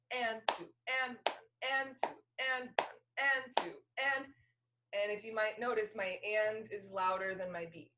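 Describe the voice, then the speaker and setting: A woman's voice: mid-range voice, fairly bright tone, slight background noise. Woman teaching fiddle over a video call. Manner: friendly, explanatory, counts beats aloud. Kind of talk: online music lesson.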